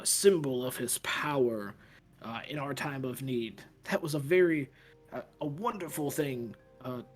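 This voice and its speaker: A man voicing a nervous, evasive male priest who stammers over his words in a tabletop game. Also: fairly high pitch.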